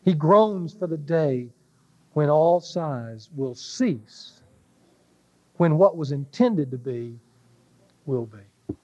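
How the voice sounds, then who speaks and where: A man preaching a sermon, slow and weighty, dropping to a hush on key words. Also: a little high, lively intonation, muffled recording. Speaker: pastor.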